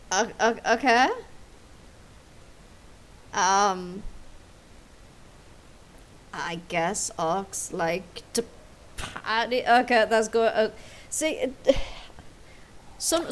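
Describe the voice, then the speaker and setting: A woman's voice: mid-range voice, poor audio. A woman streamer chatting casually while playing, rambling and hesitant with many fillers. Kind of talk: casual live-stream chat. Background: background music.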